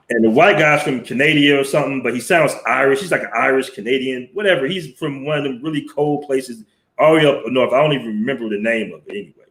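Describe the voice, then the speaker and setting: Male host, blunt and profane; mid-pitched, echoey room, headset mic. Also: quick pace, fairly bright tone. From Southern US. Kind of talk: casual live-stream storytelling. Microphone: headset mic with headphones.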